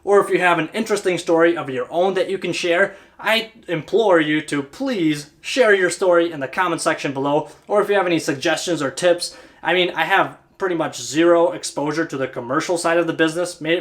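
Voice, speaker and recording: An HVAC technician who hosts a channel talks casually to camera in a fairly high voice, going a little fast. He's chatty and informal, checking in with listeners and repeatedly asking "right?"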